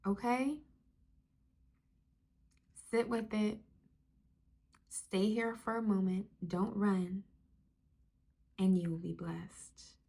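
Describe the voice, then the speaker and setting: Woman, spiritual card reader, soft and affirming, repeats phrases, mid-range voice. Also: medium pitch, steady tone, drawn-out words, gravelly, long pauses, breathy edge. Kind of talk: channeled message reading.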